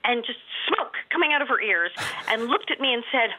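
A woman's voice: a little high, a little fast. A woman in her sixties telling stories with laughter as a guest in a radio interview. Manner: animated, laughing storyteller. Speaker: guest actress. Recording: tinny phone line.

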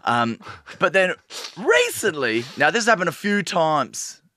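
Australian comedian guy in his 40s, slangy storyteller, bright punchy voice, radio studio mic. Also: fairly high pitch, normal speed, dry recording. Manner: lively storyteller, slangy and playful. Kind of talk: casual radio chat.

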